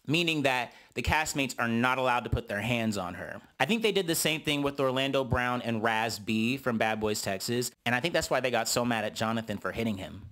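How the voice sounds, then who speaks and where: A young man casually recapping a reality show, animated and jumping up high when he mimics the cast. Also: brisk, hardly any pauses.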